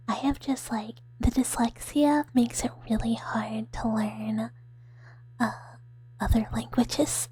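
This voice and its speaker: A woman's voice: fairly high pitch, drawn-out words, long pauses, warm tone, slightly rough, low-quality recording. A woman streamer in a whispered ASMR chat with her viewers, giggling often as she talks.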